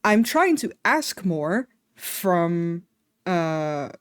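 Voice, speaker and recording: A woman's voice: lowish voice, big pitch swings, extremely slow, clean tone, no echo. Chatty woman streamer, dry close mic. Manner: chatty and self-deprecating, laughs often. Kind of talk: casual livestream chat.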